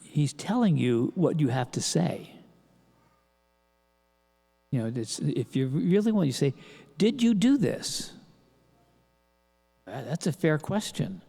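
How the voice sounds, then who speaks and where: An older man preaching a sermon as pastor, halting with restarts and rhetorical questions. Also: fairly high pitch, big pitch swings, vocal fry, dark tone, breathy edge. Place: large church. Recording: long church reverb.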